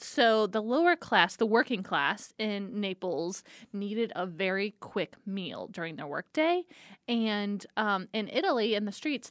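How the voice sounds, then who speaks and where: A woman's voice: mid-range voice, fairly bright tone, dry recording, studio quality. A young woman co-hosting a casual snack podcast, teasing and chatty with lots of fillers. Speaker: co-host presenting pizza facts.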